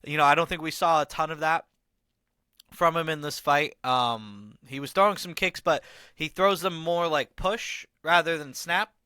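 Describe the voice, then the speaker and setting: A man's voice: on the high side, normal speed, sharp tone, clean tone, dry recording. A man hosting a podcast, breaking down a fight in a rambling, casual way with lots of fillers and slang. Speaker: podcast host. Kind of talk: casual fight analysis monologue.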